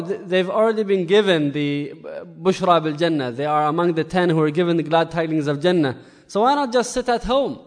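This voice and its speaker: A man telling a story as a sermon, animated and full of rhetorical questions. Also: a little high. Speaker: preacher. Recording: echoey hall with long reverb.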